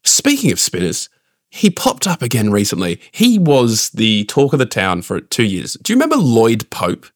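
A man's voice: medium pitch, huge pitch swings, normal speed, no echo, clean studio sound. A man co-hosting a casual cricket podcast, opinionated and launching into rants. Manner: opinionated, ranting. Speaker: podcast co-host.

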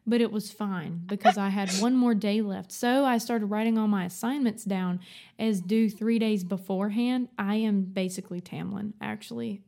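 A woman's voice: medium pitch, normal speed, vocal fry. A young woman co-hosting a casual book podcast, joking and giggling through her asides. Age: young adult. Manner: giggly, jokey, animated asides. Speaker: podcast co-host. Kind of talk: casual book-club chat.

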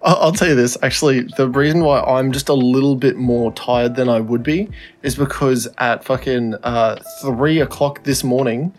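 A man's voice: medium pitch, normal speed, few pauses. A man, chatting casually as a podcast co-host and telling stories with plenty of swearing. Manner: swearing, animated storytelling with laughs. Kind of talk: casual chat.

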